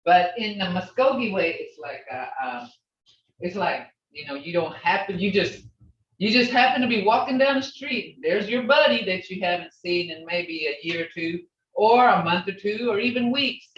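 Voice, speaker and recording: An expressive language teacher with a medium-pitched, fairly bright voice runs an online class at a moderate pace, patiently repeating phrases to model their tone. Being far from the mic, the speaker comes through as roomy, dull video-call audio.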